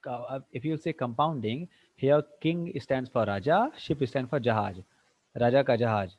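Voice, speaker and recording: A man's voice: mid-range voice, a little mellow. Male teacher quizzing students. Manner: asks quick questions, mixes in Hindi. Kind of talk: online tutorial quizzing students. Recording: dull lo-fi dry sound.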